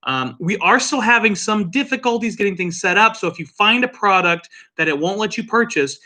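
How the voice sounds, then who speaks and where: A man's voice: high-pitched, animated, brisk, bright, forceful tone. A man hosting a casual drinks livestream, rambling and joking with profane asides. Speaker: livestream host.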